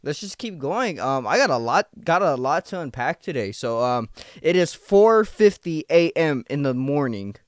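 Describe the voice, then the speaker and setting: A young man talks alone into a close mic for his podcast, restless and profane, circling back over his thoughts. He has just come off a night shift and sounds worn out and irritated. His voice sits a bit high for a man, and the sound is dry and close. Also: big pitch swings, normal speed, no room sound. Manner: rambling, profane, restless and agitated. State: tired after a night shift. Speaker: podcast host. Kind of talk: casual solo podcast monologue.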